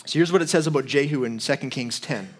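A man's voice: medium pitch, fast talker. A man preaching a sermon as pastor, teaching in a conversational way with frequent asides to his listeners.

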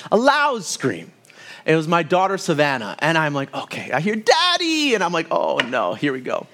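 A man in his thirties preaching a sermon with a slightly higher voice than most men. He tells everyday stories and turns to address the congregation directly. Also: a bit bright. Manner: storytelling with asides to the congregation. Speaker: pastor.

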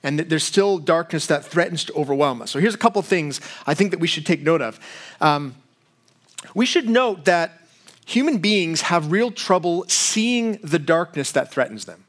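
Conversational male preacher, slightly high voice. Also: animated, fairly bright tone. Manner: conversational, retells a comedy sketch with quick voice shifts. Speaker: pastor. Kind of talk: sermon.

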